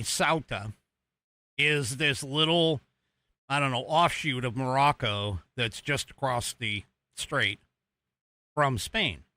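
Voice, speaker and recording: An American man hosts a political podcast, talking over video footage he plays and rambling casually with many fillers and restarts. His voice is medium-pitched and sharp, with no room sound.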